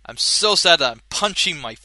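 A young man hosting a casual solo podcast, rambling and animated, swearing casually and laughing at his own jokes. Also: fairly high pitch, normal speed, dry recording. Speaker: podcast host.

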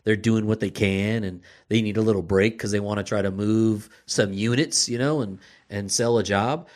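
A man's voice: lowish voice, steady tone, normal speed. A man in casual conversation, reflecting on how his industry works and explaining it at length. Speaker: podcast host, automotive industry leader.

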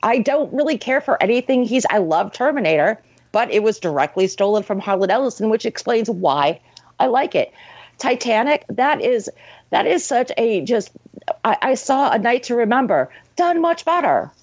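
A woman's voice: on the high side, big pitch swings, normal speed, no room sound. Ranting, profane woman podcaster. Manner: ranting, profane, mocks scenes in put-on voices. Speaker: podcast co-host. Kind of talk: casual podcast film review. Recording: dry, dull lo-fi sound.

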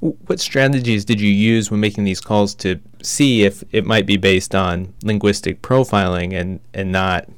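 A man's voice: fairly low pitch, steady tone, normal speed, hardly any pauses, smooth, dry recording. A man hosting a podcast, asking curious, probing questions. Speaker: podcast host. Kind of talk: interview questions.

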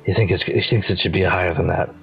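Deep-voiced man playing a tabletop game. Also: steady tone, fast, gravelly, highs cut off, soft background music. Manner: laid-back, chuckling scheming. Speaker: player. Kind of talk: tabletop role-play.

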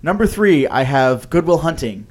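A man co-hosting a podcast, talking through a favorite movie scene in a loose, casual way, often pausing with "um" and "like" and restarting his sentences. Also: fairly high pitch, very animated. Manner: hesitant, lots of "like" and "um" with frequent restarts. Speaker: podcast co-host. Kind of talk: casual film-discussion chat.

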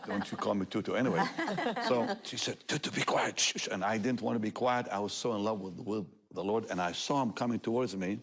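Lively older man telling his story. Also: on the low side, fast talker. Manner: animated, laughs often, acts out quotes. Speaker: talk show guest. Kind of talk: personal testimony storytelling.

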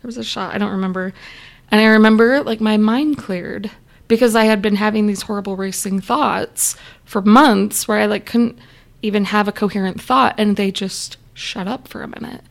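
Chatty young woman with vocal fry. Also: medium pitch, steady tone, normal speed. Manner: chatty, candid, acts out remembered dialogue. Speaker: interview guest. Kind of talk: casual personal storytelling.

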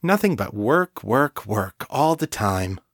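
A man voicing a playful, teasing young woman in an audiobook story, raised above his usual pitch. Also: very animated, slow pace, fairly bright tone, no echo, clean studio sound, heavily acted.

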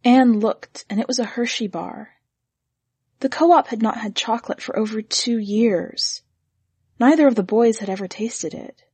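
A woman narrating a story in a measured, gently expressive reading. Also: mid-range voice, slightly rough, no room sound.

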